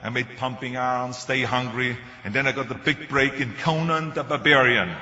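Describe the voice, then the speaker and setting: A man's voice: medium pitch, fairly even intonation, normal speed, sharp tone. An older man with a German accent gives a speech. He tells stories with a joking edge. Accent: German-accented English. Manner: joking anecdotal storytelling. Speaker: motivational speaker. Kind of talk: public speech. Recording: echoey hall, dull sound.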